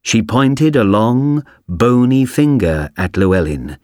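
A man reading a story aloud for a language textbook, slowly, clearly and expressively. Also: medium pitch, animated, darkish tone, dry recording, studio quality. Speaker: audio reader for a textbook. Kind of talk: scripted storybook narration.

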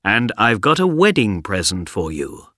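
A brave young hero speaks plainly and firmly, voiced by a male reader. His voice sits low and moves with lively inflection at an unhurried pace. The sound is dry and close. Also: no room sound, exaggerated voice. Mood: confident.

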